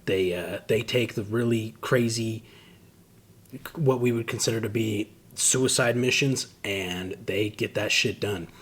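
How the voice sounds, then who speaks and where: A man casually commenting on combat footage, relaxed and profane, with many fillers and restarts. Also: fairly low pitch, measured pace, slightly rough. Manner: laid-back, swears freely, trails off with fillers. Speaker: host reacting to combat footage.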